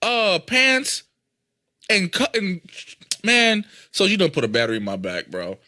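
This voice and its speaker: A man's voice: high voice, unhurried, no room sound, clean studio sound. A young adult man hosting a podcast, telling stories in casual, profane chat. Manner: profane, animated storytelling. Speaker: podcast host.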